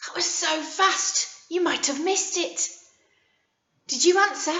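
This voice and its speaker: High, playful nursery teacher. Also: female voice, unhurried. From England. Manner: playful, animated, coaxing. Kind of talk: video lesson for small children. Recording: echoey, slightly muffled room recording.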